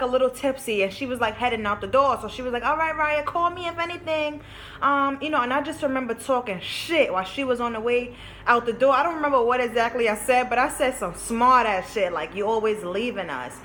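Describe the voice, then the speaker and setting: A woman's voice: on the high side, fairly bright tone, a little hiss or hum. A young woman telling a story to camera in a candid, chatty way, swearing freely and filling her talk with "like" and "you know.". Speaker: vlogger. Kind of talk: casual storytime chat.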